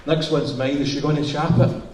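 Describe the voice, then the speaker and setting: A man's voice: fairly high pitch, fairly even intonation, a little fast, heavy background noise. A middle-aged man with a Glaswegian Scottish accent, doing stand-up comedy with bawdy, swearing stories in a music hall. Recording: roomy hall from far off.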